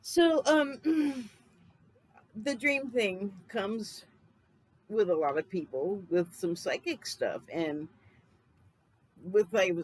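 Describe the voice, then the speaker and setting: A woman in her fifties from Los Angeles gives a casual spoken film review at an ordinary mid pitch. She rambles, corrects herself and laughs lightly as she goes. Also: poor audio. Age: 50s.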